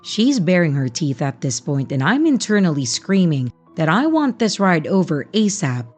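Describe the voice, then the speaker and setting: A woman's voice: fairly low pitch, very animated, moderate pace, husky. A woman narrating a horror story with dry, wry asides. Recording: soft music bed underneath.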